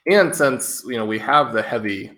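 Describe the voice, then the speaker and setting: Bright-voiced male podcast co-host. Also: medium pitch, lively intonation, normal speed. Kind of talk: casual podcast chat.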